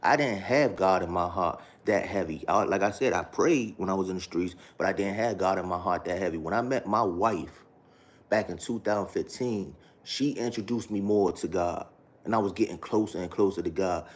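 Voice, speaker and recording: A man with a fairly low voice tells his life story to the camera. He talks slowly and haltingly, often repeating phrases, and his speech is loose and full of street slang. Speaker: vlogger sharing his testimony. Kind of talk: casual spoken testimony.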